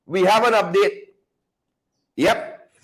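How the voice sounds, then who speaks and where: A man hosting mocking political commentary, loud and sarcastic with laughing asides. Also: sits high, slow pace, slight background noise, poor audio. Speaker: host.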